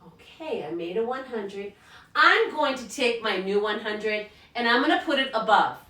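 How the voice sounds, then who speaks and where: A woman's voice: fairly high pitch, expressive, normal speed, bright, forceful tone. A woman teacher giving a recorded math lesson to children at home, upbeat and encouraging, calling them friends. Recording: echoey room, mic at a distance.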